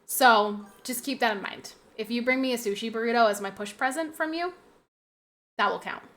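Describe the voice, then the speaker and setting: A woman's voice: fairly high pitch, moderate pace, a bit bright. A young woman streaming and chatting casually with her live audience. She talks emotionally, repeats her phrases, laughs often and answers her chat aloud.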